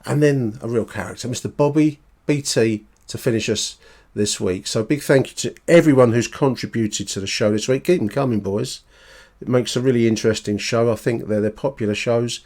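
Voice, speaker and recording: A man hosting a podcast in a relaxed, casual way, with plenty of ums. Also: medium pitch, brisk. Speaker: podcast host.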